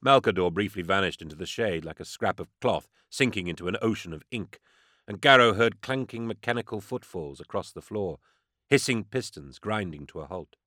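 A man reading scripted narration in a steady, measured storytelling manner. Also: low voice, no echo, studio quality. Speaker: audiobook narrator.

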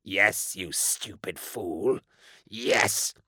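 A man voicing a sinister psychic demon child who speaks slowly, low and hushed, with a gloating, cruel edge. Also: breathy edge, no room sound, studio quality, heavily acted. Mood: coaxing.

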